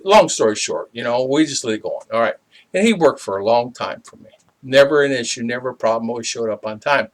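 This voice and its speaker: A middle-aged man and business owner, telling a personal faith story in a rambling, halting way, full of fillers and restarts. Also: mid-range voice, animated. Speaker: small business owner sharing a faith reflection.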